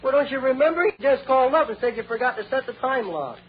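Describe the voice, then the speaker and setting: A man's voice: very high voice, lively intonation, fast. Jokey comic who laughs at his gags. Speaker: comedian host. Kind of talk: 1930s radio comedy. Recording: tinny old radio broadcast, loud audience, hiss.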